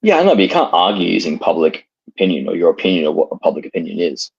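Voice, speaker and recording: A man in a heated casual debate, halting and restarting often with lots of "like". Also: low voice, sing-song, gravelly, darkish tone, breathy edge, dull audio. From Australia.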